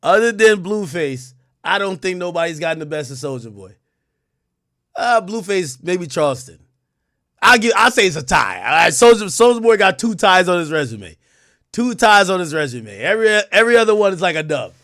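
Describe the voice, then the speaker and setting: A man hosting a livestream, chatting excitably and thinking aloud about rappers. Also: sits high, a little fast. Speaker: stream host. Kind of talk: casual commentary.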